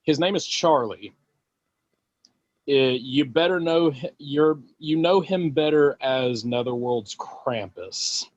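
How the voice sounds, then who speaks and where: A man in casual podcast chat, telling an anecdote in an animated way. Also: a little high, slow pace, no room sound, dull audio.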